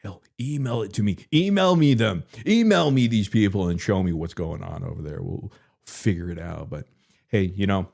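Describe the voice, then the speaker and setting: Rambling, crude low-voiced male streamer. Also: expressive, moderate pace, gravelly, darkish tone. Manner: loose, profane, joking, repeats himself. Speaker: live stream host.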